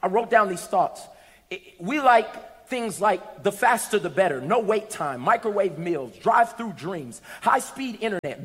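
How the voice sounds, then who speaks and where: A man delivers a sermon, moving from a storytelling tone to loud, shouted exhortation. His voice sits high for a man. The sound rings with the long reverb of a big church hall. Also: lively intonation, moderate pace. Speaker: preacher. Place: church sanctuary.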